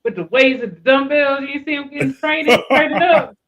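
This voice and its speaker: A man with a fairly high voice speaks frankly and easily as a guest. His audio sounds dull and lo-fi, as if it comes over a remote link. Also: a little fast, fairly bright tone. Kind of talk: casual live-stream chat.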